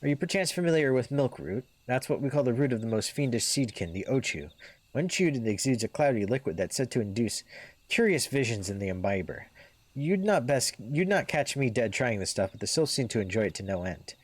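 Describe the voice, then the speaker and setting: A man's voice: mid-range voice, lively intonation, fairly quick, husky, no echo. A man voicing a folksy, forgetful male forest villager from a fantasy game, in a wavering drawl he likens to a drunk Yoda. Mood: confiding. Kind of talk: reading game dialogue aloud in character. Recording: faint music underneath.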